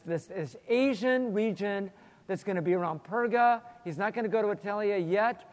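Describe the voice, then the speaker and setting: A man teaching the Bible in an earnest, storytelling way, often repeating words as he thinks, in a large hall. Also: high-pitched. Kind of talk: Bible teaching with prayer and stories. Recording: long hall reverb.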